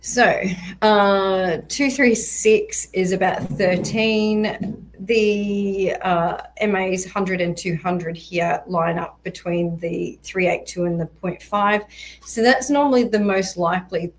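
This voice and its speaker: A woman walking through crypto price charts in a measured, explanatory way, with frequent ums and a voice that is going hoarse. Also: mid-range voice, fairly even intonation, poor audio. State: voice going hoarse, occasional coughs. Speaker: crypto market analyst. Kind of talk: chart analysis walkthrough.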